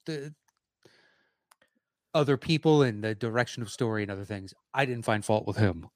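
A man's voice: lowish voice, moderate pace, no room sound. Sarcastic guy ribbing his podcast buddy, swears a lot, dry sound. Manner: sarcastic, teasing, swears freely. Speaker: podcast co-host. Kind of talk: casual movie chat.

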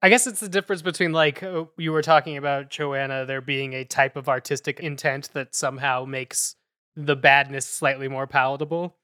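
Bright, smooth-voiced man chatting. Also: medium pitch, fairly even intonation, a little fast, dry recording, studio quality. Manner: chatty, laughing, thinks aloud with fillers. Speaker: podcast co-host. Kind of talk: casual chat.

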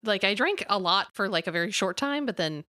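A woman co-hosting a casual podcast, playful and quick to giggle. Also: medium pitch, expressive, pushed and bright, dry recording, studio quality. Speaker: podcast co-host. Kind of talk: casual chat.

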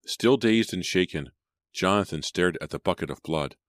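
A man narrating a storybook in a steady, measured way. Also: low voice, no room sound, clean studio sound. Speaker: audiobook narrator. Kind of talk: scripted audiobook narration.

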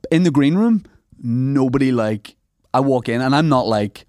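An Irish male comedian chats through a self-deprecating anecdote in a relaxed way. His voice sits at a middle pitch and is recorded dry and close. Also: normal speed, dry recording. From Ireland. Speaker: podcast host and comedian. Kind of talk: casual chat.

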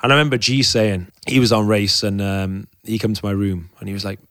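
Frank low-voiced man. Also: fairly even intonation, a little fast, a bit bright, dry recording, studio quality. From Wales. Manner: frank and openly emotional, rambling with restarts. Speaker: guest, professional cyclist. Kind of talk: candid podcast interview.

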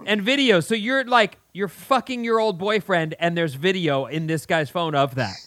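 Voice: mid-range voice, normal speed, fairly bright tone, dry recording, studio quality. A person in casual chat, eagerly reacting and summing things up.

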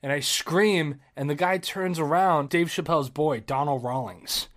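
In relaxed podcast conversation, a young man with a highish voice recounts a story at normal speed, lively and profane, laughing as he acts out the shouts he made.

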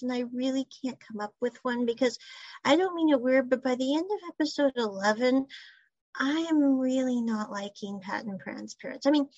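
A woman's voice: a little high, a little mellow, no room sound, highs cut off. A woman casually recapping a drama episode, chatting and quoting the characters in her own voice. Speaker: show recapper.

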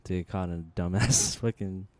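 A man's voice: sits low, moderate pace, a little mellow. A young man co-hosting a casual podcast chat who drops dry one-line jokes. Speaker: podcast co-host.

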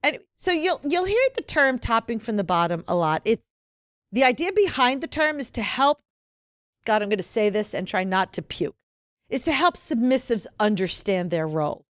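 A woman's voice: fairly high pitch, very animated, normal speed, fairly bright tone, no echo, clean studio sound. A woman in her late fifties co-hosting a podcast in casual chat, tired and slap-happy, laughing often. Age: 50s. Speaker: podcast co-host. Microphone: studio mic.

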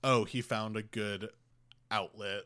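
A man's voice: on the low side, steady tone, slow pace, pushed and bright, smooth, no echo. A man co-hosting a podcast, chatting casually in a rambling way with lots of fillers. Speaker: podcast co-host. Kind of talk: casual chat.

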